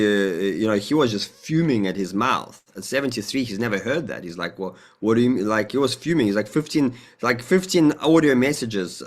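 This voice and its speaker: Rambling, emphatic man in conversation. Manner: rambling and emphatic, with frequent profanity; acts out dialogue with a jumpy, higher voice. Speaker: guest. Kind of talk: conversational interview, spiritual talk.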